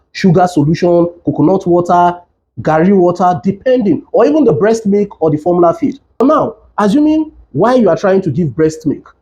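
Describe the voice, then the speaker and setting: This doctor, a man with a high-pitched voice and dark tone, gives caregivers an earnest instructional talk with demonstration. He stresses his urgent warnings again and again.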